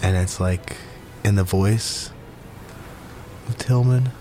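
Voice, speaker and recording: A man's voice: on the low side, slow, pauses often, over music. Profane, rambling young man. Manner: profane, self-deprecating, laughs at himself. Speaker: solo podcaster. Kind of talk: rambling casual monologue. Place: small home studio.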